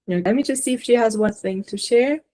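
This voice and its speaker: A woman channeler giving a reading, gently relaying messages with reassuring, filler-filled speech. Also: on the high side, brisk. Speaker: spiritual channeler and regression therapist.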